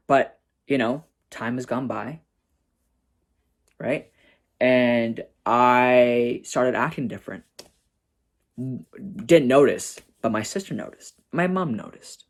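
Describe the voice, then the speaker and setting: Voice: medium pitch, slow, pauses often. A young adult telling a personal story to camera in a casual, chatty way, peppering talk with "like" and "right?". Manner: chatty, full of "like" and "right?", acts out quoted family voices.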